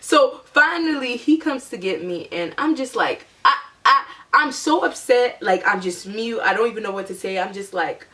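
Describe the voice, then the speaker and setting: A young adult woman telling a personal story to her viewers in a chatty, animated way, with lots of "like". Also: fairly high pitch, normal speed, recorded from a distance. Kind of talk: casual storytime monologue.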